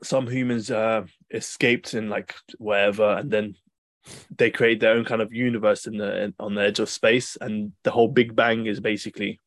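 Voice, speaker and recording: Recorded dry, a young man with a lowish voice hosts a podcast at normal speed. He spins long, rambling, animated tales in casual chat, stumbling into fillers and restarts along the way.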